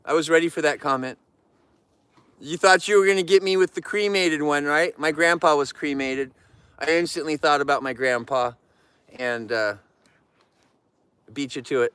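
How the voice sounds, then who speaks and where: A man's voice: fairly high pitch, moderate pace, long pauses, a bit bright, clear, resonant tone, no room sound. A man hosting a livestream from his yard, joking and chatting playfully with viewers. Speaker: livestream host. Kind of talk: casual live chat to viewers.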